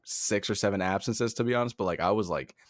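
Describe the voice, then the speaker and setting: A man's voice: fairly low pitch, fast talker, dry recording. A young man in his twenties, co-hosting a podcast, talking in a hesitant way and laughing easily. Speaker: podcast co-host. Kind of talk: casual chat.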